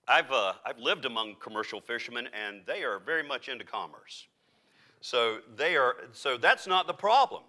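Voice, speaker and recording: A man preaching a sermon as pastor, emphatic with dramatic pauses and occasional restarts. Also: mid-range voice, animated, bright, forceful tone. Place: church.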